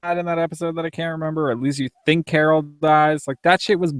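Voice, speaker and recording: A man's voice: a little high, steady tone, fast, dry recording, clean studio sound. A young man co-hosting a casual live podcast, reading listener emails aloud, laughing often and swearing casually.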